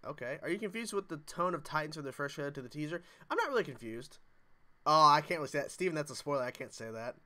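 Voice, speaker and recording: An animated young man hosts a casual livestream and reads viewer comments aloud with a jokey, chatty manner. His voice is bright and sits fairly high, and his pitch swings widely as he talks. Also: fast. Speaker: livestream host.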